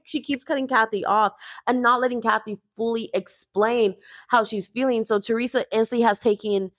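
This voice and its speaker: A woman's voice: fairly high pitch, moderate pace, dry recording, studio quality. A woman chatting in a gossipy way, recapping a reality show with lots of "like". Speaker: host.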